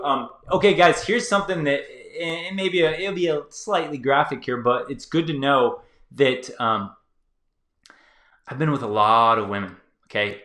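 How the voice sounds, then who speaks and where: This YouTube host's medium-pitched voice sounds pushed and bright, moving at a moderate pace in a roomy space. He gives his viewers a casual advice monologue, chatting loosely with plenty of fillers.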